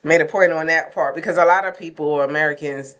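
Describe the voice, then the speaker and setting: A woman's voice: sits low, a bit bright, muffled recording. A woman co-hosting a casual talk podcast, telling stories with frequent laughs. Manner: storytelling, laughs often, slow drawn-out phrasing. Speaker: podcast co-host. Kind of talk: casual chat.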